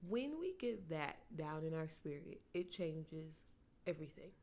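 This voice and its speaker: A woman's voice: sits low, very animated, a little slow, darkish tone. A woman hosting a devotional podcast, reading a Bible passage and then reflecting on it in an earnest, personal way with small laughs. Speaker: podcast host.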